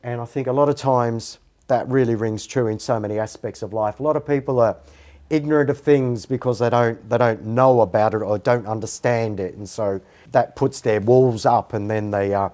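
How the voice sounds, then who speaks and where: Brief: man in his fifties, podcast guest, steady reflective storyteller. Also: mid-range voice, moderate pace. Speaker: guest, character impersonator. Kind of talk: casual podcast interview.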